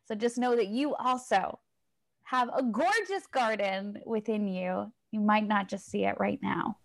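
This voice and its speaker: A woman hosting a podcast interview, speaking slowly and reassuringly to her listeners. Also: medium pitch, creaky. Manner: slow, reassuring words to the listeners. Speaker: podcast host.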